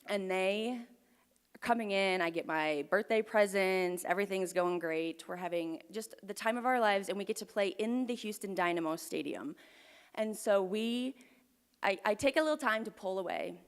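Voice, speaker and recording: A young woman telling a personal story live on stage to an audience, earnest and often dropping to a hushed near-whisper. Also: medium pitch, moderate pace, smooth. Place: performance venue with audience. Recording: long hall reverb.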